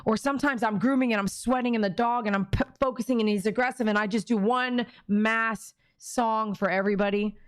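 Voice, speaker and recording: A talkative woman with a fairly high voice hosts a live stream, reading comments out loud and making her points with emphasis. The sound is dry and close, with no room echo, and she keeps asking the viewers to agree with her. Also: steady tone, a little fast, hardly any pauses. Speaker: dog groomer and livestreamer.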